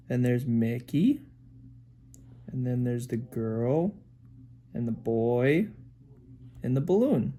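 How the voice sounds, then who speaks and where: A man's voice: medium pitch, expressive, takes it slowly, long pauses, warm tone. A man reading a picture book aloud to his young daughter, pointing out pictures and making animal sounds.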